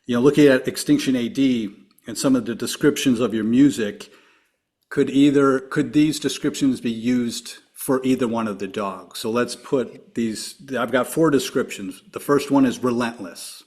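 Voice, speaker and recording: A man's voice: medium pitch, darkish tone. A man hosting a podcast, asking interview questions in a friendly, encouraging way. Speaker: podcast host.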